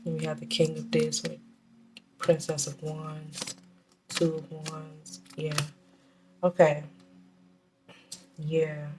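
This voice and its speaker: A woman giving a casual tarot reading, talking in a chatty, halting way with many restarts and fillers, and slowing down to name the cards. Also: low voice, monotone, background noise. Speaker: tarot reader.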